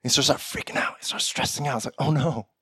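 A man's voice: mid-range voice, fairly even intonation, racing, bright, forceful tone, breathy edge, no room sound. A young man giving a sermon, often laughing and acting out the lines of people he imagines. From Korean heritage. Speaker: pastor. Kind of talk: sermon with acted-out quotes.

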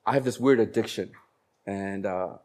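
A man preaching a sermon as a pastor, slowing down to stress key phrases and growing animated when he tells stories. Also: on the low side, slight background noise. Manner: animated storytelling, bursts of laughter and acted voices; slows down for emphasis on key phrases.

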